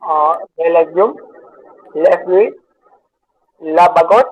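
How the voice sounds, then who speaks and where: Hesitant male student reading aloud in class, with a high voice. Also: takes it slowly, lo-fi sound. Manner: hesitant, tentative.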